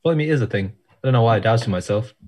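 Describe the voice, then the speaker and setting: A man co-hosting a podcast with a husky, slightly rough voice. He tosses in dry, deadpan teasing remarks in casual banter. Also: mid-range voice, fast talker. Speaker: podcast co-host.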